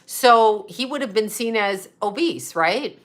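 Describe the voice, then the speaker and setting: A woman's voice: mid-range voice, animated. A middle-aged woman from Canada ranting bluntly and profanely in a casual livestream. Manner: blunt, profane, fast-shifting rant with laughs. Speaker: livestream host.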